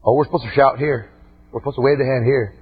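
A male preacher delivering a raspy, impassioned sermon, swinging between shouts and low asides. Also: fairly even intonation, quick pace. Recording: dull lo-fi recording.

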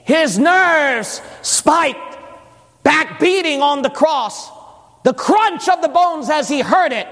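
High-voiced preacher shouting in a reverberant hall. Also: male voice, lively intonation, slow pace. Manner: dramatic storytelling, rising into shouting. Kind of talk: impassioned sermon.

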